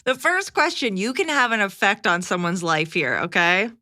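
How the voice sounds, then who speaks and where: Bright, lively woman co-host. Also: mid-range voice, moderate pace, no echo, clean studio sound. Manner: giggly, reading listener questions. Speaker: podcast co-host. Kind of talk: casual podcast chat.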